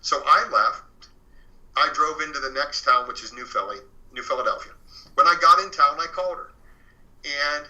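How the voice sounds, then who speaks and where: A man's voice: mid-range voice, pushed and bright, lo-fi sound. A man as an interview guest, earnestly telling a true paranormal story in a casual way, full of fillers. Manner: earnest and conversational, many fillers.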